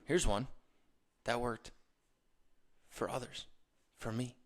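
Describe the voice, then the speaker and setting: A young man hosting a podcast, giving a casual motivational monologue, animated and ranting, mimicking other people in quick quoted asides. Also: mid-range voice. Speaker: podcast host.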